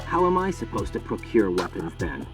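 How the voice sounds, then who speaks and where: Young soldier, lively. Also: male voice, lowish voice, normal speed, recorded from a distance, over music. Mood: questioning. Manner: questioning, increasingly agitated. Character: young male special-forces agent, questioning. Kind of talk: video game voice acting.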